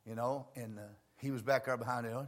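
A man preaching a homespun storytelling sermon in plain words, dropping to low murmurs and rising to fervent shouts. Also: little pitch movement, fast. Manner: plain homespun phrasing with many asides.

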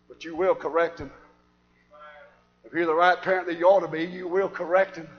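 A man preaching a sermon, swinging from shouted fiery passages to quiet, earnest talk. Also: a little high, flat delivery, fairly quick, long pauses, dull audio.

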